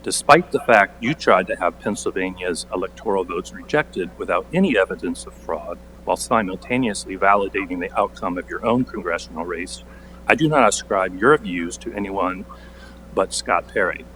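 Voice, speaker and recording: A man with a very low voice reads a prepared statement at a council meeting. He stays pointed and sarcastic and leans hard on his key words. A faint hum runs under the recording. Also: normal speed, low-quality recording. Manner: pointed, sarcastic, building to forceful emphasis. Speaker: borough council member.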